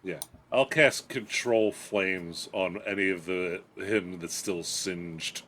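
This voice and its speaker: Guy with a lowish voice doing dry jokes at the game table, light hiss. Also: takes it slowly, fairly bright tone. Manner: dry joking. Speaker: player.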